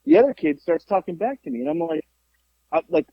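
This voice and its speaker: A middle-aged man telling a story in a casual podcast chat, animated and profane. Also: fairly high pitch, brisk, dry recording. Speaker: podcast co-host. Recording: dull lo-fi podcast audio.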